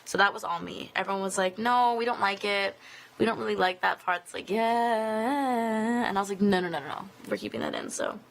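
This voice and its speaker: A woman answers fan questions in a casual live stream, streamed from a phone inside an office building. Her voice has a gravelly, fry-tinged texture, and her talk rambles from one thought to the next, full of "like" fillers. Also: mid-range voice, quick pace, fairly bright tone. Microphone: phone streaming live video.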